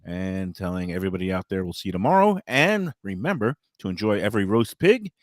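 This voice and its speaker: This is a man hosting a talk radio show, speaking in a low register. His delivery is easygoing and chatty, with a joking lilt. The studio sound is close and dry. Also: fairly quick, no room sound. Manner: chatty, wraps up in a relaxed, joking way. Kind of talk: casual radio chat.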